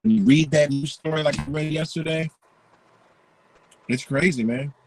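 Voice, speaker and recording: A man's voice: a little high, fairly even intonation, a little slow, creaky, a little mellow, rough recording. A man ranting indignantly in a profane, rambling monologue.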